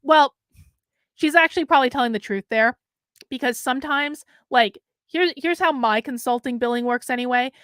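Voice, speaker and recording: A woman's voice: high voice, moderate pace, fairly bright tone, clean tone, no room sound, clean studio sound. A woman hosting a political commentary show, reading news stories aloud and breaking in with sarcastic, scornful asides that ramble.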